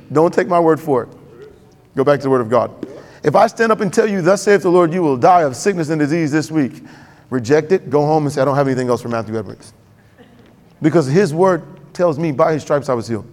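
Male pastor, fairly high voice, chatty preaching, slips into the voices he quotes, echoing sanctuary. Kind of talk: sermon.

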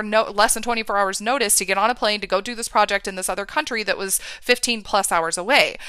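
Woman, 30s, mindset coach, earnest motivational talk, bright and crisp voice. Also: fairly high pitch, dry recording. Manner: earnest, repeats "right?" often.

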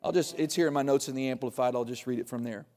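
A man preaching a sermon in a church, conversational and joking, with sudden loud bursts. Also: mid-range voice, quick pace. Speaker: pastor. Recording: long reverb of a large hall.

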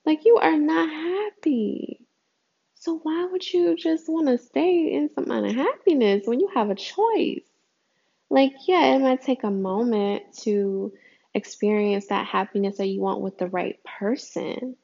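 A chatty woman hosting a casual solo audio journal, addressing listeners as girl and y'all. Her voice carries a gravelly fry, and she swoops up high for emphasis. The recording is muffled and lo-fi. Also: a little slow, warm tone. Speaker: podcast host.

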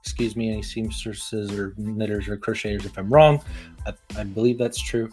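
A young man chatting casually about his tabletop game character, rambling with lots of fillers and excited restarts. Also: fairly low pitch, normal speed, faint music behind. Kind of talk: casual chat.

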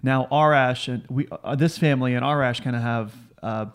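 A man casually telling a long anecdote to a friend, rambling and animated, slipping into voices for the people he quotes. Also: medium pitch, normal speed, smooth. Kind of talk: casual storytelling chat.

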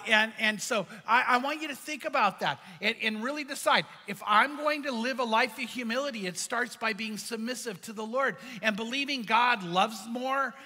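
A man's voice: very high voice, sharp tone, long reverb tail. A man preaching a sermon as pastor, earnest and conversational, asking the congregation questions.

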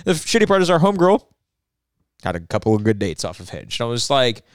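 Animated, profane man in casual chat. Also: medium pitch, fast, clean tone, dry recording, studio quality. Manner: profane, animated storytelling with laughs. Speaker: podcast co-host. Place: Los Angeles.

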